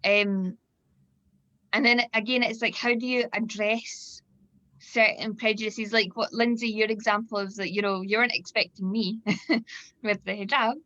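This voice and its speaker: A woman's voice: medium pitch, fairly even intonation, normal speed, pushed and bright, no echo. A woman in her thirties with a Scottish accent, hosting a casual panel chat over a video call, talking with many fillers and restarts. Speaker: event host. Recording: dull lo-fi video call audio.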